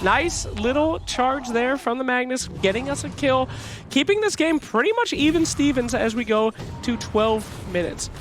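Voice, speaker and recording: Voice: high voice, expressive, normal speed, soft background music. A play-by-play caster calling a live video game match on a headset, joking and irreverent in banter with a co-caster.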